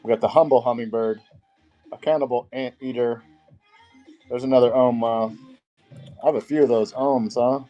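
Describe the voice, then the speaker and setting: A man's voice: medium pitch, fairly even intonation, normal speed, long pauses, dark tone, dull audio, faint music behind. Man hosting a live card auction stream. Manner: greets viewers by name, rattles off card names.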